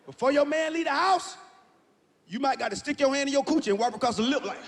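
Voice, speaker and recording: A man doing stand-up comedy, loud and animated, often shouting his punchlines. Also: extremely high pitch, quick pace, noisy background. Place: large live venue with audience. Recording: reverberant hall, faint ambience.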